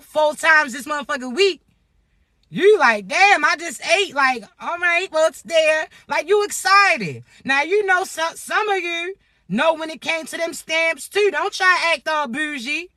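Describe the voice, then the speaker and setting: A woman with a Floridian accent delivers an animated spiritual pep talk, slangy, profane and preachy. Her voice sits high and sounds bright and sharp, close and dry with no room around it. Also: no room sound. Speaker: spiritual motivational speaker.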